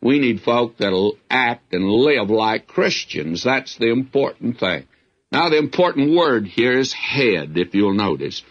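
A man's voice: mid-range voice, big pitch swings, a little slow, highs cut off. A man preaching a verse-by-verse sermon as a Bible teacher, in a folksy way with frequent asides.

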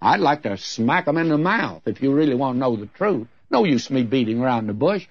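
A man's voice: medium pitch, sing-song, brisk, dry recording, dull audio. A man preaching an expository sermon as a radio Bible teacher, earnest and folksy, with candid humorous asides.

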